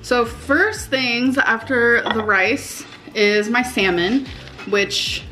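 A woman in her thirties chatting casually to her viewers at home, unhurried and full of "um" and "like". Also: on the high side, pushed and bright, soft background music. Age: 30s. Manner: unhurried, chatty, many fillers like "um" and "like". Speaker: vlogger. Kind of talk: casual vlog chat.

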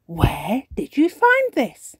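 A woman voicing an eager little boy elf in a storybook reading, excited and a bit bossy. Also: fairly high pitch, slow pace, breathy edge, dry recording, studio quality, pitched above the performer's own voice, full character voice.

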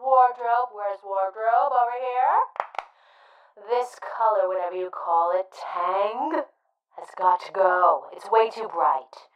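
A woman performing a bossy, flamboyant film director who shouts orders at the crew in an audio play. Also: medium pitch, slow pace, close to an everyday voice. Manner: commanding, flamboyant, calls out to crew. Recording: roomy, distant, dull sound.

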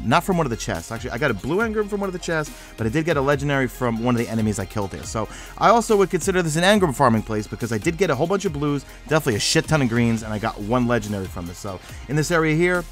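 A young man with a New York accent, sleepy and rambling as he narrates a game walkthrough. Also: mid-range voice. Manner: rambling, energetic, self-mocking. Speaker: gaming YouTuber.

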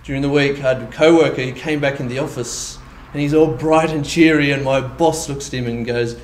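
A man preaching a conversational sermon, with animated asides in which he voices imagined reactions. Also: mid-range voice, brisk, few pauses, echoey room, a little hiss or hum, low-quality recording. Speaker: pastor. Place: church hall.

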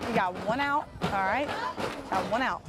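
A woman coaching a softball team from the dugout at an outdoor field, commanding and encouraging. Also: mid-range voice, normal speed, very noisy.

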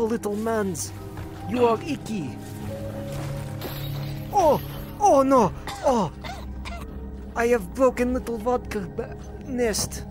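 A man's voice: very high voice, pitched above the performer's own voice, heavily acted. A man voicing a boisterous vodka-obsessed Russian soldier with a put-on Russian accent and broken English. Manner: broken English, loud and theatrical.

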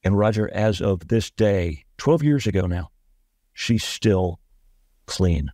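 Animated storytelling man, mellow voice. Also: low-pitched, slow, no room sound, studio quality. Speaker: guest, author and coach. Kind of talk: storytelling in a podcast interview.

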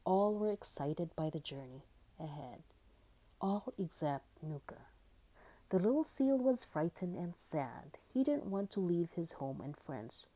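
A woman reading a children's picture book aloud in a gentle, expressive way. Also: fairly low pitch, unhurried. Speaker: storyteller.

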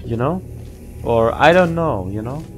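A man's voice: mid-range voice, expressive, unhurried, soft background music. A tired man giving late-night gameplay commentary, muttering and rambling to himself as he works through puzzles. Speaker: gamer playing a puzzle game.

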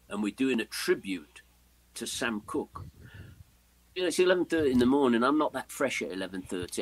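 An Englishman in his seventies, husky and expressive, his pitch rising and falling freely as he tells stories. He is a guest musician in an interview, acting out sounds and other people's voices as he goes. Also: no room sound, rough recording. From England. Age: 70s. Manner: animated, mimics voices and sounds while telling stories. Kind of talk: anecdotal storytelling in an interview.

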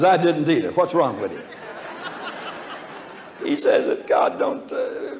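A man's voice: fairly high pitch, very animated, moderate pace, pauses often. An older man preaching a sermon, telling a personal story in a folksy, chuckling way and acting out the voices in it. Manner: folksy, chuckling, acts out voices in his stories. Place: church hall. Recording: echoey hall with faint background noise.

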